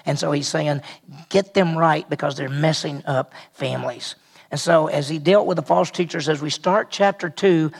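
A man preaching an expository sermon as pastor, unhurried and emphatic, repeating key phrases for weight. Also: on the high side, gravelly.

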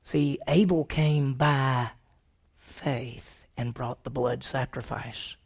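A man preaching a sermon, asking the congregation rhetorical questions, with his pitch jumping high on points he stresses. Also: fairly even intonation, slow pace, husky. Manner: pitch jumps high when emphatic.

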